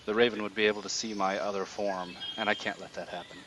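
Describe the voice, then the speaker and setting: Man doing a pixie queen, hushed, secretive, fairly low, faint hum behind. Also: flat delivery, fast, lightly acted.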